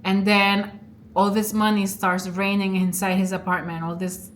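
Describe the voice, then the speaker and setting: A woman's voice: mid-range voice, normal speed, slight background noise. Chatty young woman recapping a movie. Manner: chatty, animated retelling with quoted voices and laughs. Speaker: vlogger. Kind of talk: casual movie recap and review.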